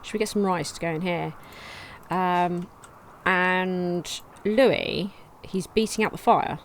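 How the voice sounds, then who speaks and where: A woman casually commenting on her gameplay, reading game text aloud in a chatty way with sudden excited outbursts. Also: fairly low pitch, slow pace, slight background noise. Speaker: let's play gamer.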